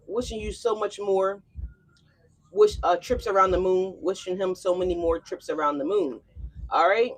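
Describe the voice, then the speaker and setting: A woman's voice: fairly low pitch, a little mellow, husky. A woman hosting a casual tarot reading, chatting in a loose, slangy way and checking in with her viewers. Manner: slangy, chatty, keeps checking in with "okay?" and "y'all". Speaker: tarot reader and channel host.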